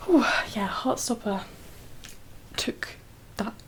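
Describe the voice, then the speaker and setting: A soft-spoken young woman, chatting in an ASMR video, slipping into whispers and teary as she rambles with many fillers. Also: on the high side, takes it slowly, slight background noise, low-quality recording. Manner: rambling, full of fillers and laughs. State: teary, emotional. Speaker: ASMR creator.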